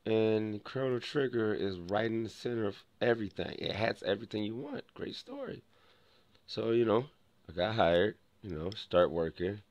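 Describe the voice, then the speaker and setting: A man's voice: fairly low pitch, normal speed, a little mellow, lo-fi sound. A young man vlogging, telling a rambling personal story full of restarts and acted-out dialogue. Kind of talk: casual storytelling to camera.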